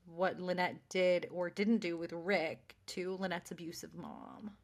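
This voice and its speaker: A woman co-hosting a podcast, chatting casually and recapping episodes with lively quoted voices. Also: lowish voice, a little slow. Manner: animated, quotes characters in snappy voices. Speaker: podcast co-host.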